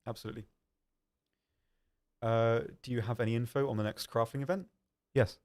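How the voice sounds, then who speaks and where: A man's voice: mid-range voice, steady tone, a little fast, darkish tone. A young man hosting a live stream, casually reading viewer questions aloud and answering them with frequent ums and self-deprecating asides. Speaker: stream host answering chat.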